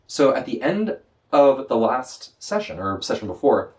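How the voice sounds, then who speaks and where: A man as a podcast guest, a Dungeon Master telling an animated, excited game story with lots of quick restarts. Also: medium pitch, distant mic.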